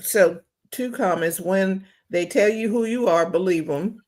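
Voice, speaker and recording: A woman co-hosting a livestream in a relaxed, chatty way. Her voice sits at an ordinary middle pitch and she adds easy asides to the talk. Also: measured pace. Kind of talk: casual livestream chat.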